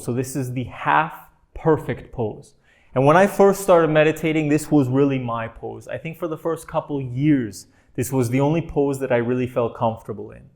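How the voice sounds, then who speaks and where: A man teaching a meditation class in a gentle, playful way, often laughing softly as he explains. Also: mid-range voice, expressive, normal speed.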